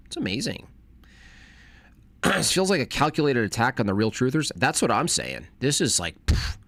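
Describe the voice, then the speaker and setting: A man streaming casually, reacting to a video with sarcastic, mocking commentary that swings between loud jabs and mumbled asides. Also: medium pitch, sing-song, moderate pace, vocal fry, no echo.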